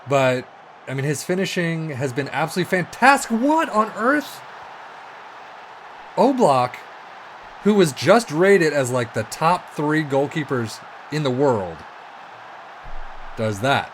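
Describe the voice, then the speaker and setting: A man giving excitable, exasperated let's-play commentary on a football management game, swearing and talking to himself as the match goes. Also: fairly high pitch, unhurried, a little hiss or hum. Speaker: video game streamer.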